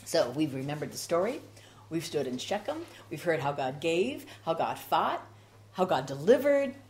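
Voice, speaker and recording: A woman's voice: deep voice, big pitch swings, moderate pace, a little mellow. A woman preaching a sermon with rhythmic repetition and strong emphasis.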